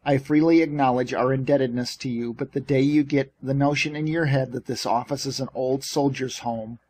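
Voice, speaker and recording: A man voicing a shrill, feisty old shipping boss in an audiobook, bantering and bossy. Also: steady tone, brisk, darkish tone, breathy edge, close to an everyday voice. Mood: teasing. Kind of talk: audiobook character reading.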